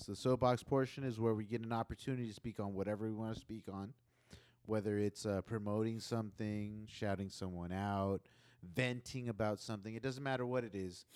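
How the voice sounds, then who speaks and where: A man hosting a podcast, chatting casually and telling animated stories with plenty of swearing. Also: on the low side, smooth, no room sound, studio quality. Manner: swears freely, animated storyteller. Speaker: podcast host. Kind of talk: casual chat.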